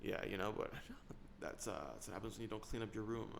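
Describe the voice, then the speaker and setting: A man's voice: lowish voice, little pitch movement, quick pace, vocal fry, slight background noise. A man hosting a casual solo podcast, rambling in a joking, self-mocking way. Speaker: podcast host.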